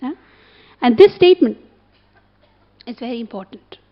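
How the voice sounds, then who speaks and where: A woman's voice: fairly high pitch, expressive, normal speed. A woman gives a sermon, telling a story and checking in with her listeners through short questions. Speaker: temple speaker. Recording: dull lo-fi recording.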